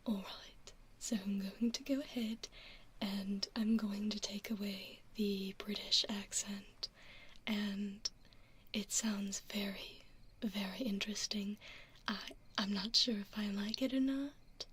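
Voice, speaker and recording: Woman ASMR streamer, hushed whisper throughout, slow easy delivery. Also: mid-range voice, fairly even intonation, slight background noise. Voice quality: soft whispering. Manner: gentle, giggly, thanks viewers by name. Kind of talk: whispered chat with stream viewers.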